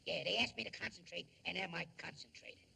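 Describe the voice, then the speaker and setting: A man's voice: high-pitched, fairly quick, vocal fry, bright, forceful tone, breathy edge, full character voice. A man playing a shrunken, self-pitying showman who mangles big words, in 1930s film comedy acting.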